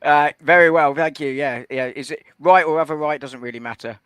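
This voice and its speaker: A man's voice: fairly high pitch, fairly quick, fairly bright tone, clean tone, dry recording. A man on a fan panel show, trading dry wisecracks with the host. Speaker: panel guest. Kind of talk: casual chat.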